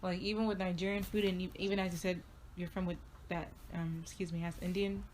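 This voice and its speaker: A woman's voice: on the low side, flat delivery, fast, noisy background. A young woman in her twenties co-hosting a podcast, listening closely and chiming in during casual chat. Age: 20s. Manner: supportive listener, frequent backchannels. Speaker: podcast co-host.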